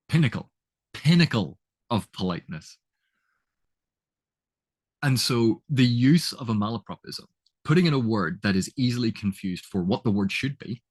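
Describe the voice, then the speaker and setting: A man's voice: mid-range voice, expressive, moderate pace, long pauses, slightly rough. A man giving a chatty, casual lesson on literary terms, laughing at his own examples and often restarting his sentences. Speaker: literature educator.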